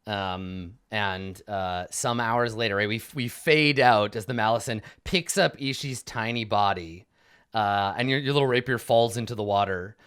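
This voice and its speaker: A man running a tabletop game as game master, narrating in a casual, animated way with many fillers. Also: fairly low pitch, moderate pace, smooth.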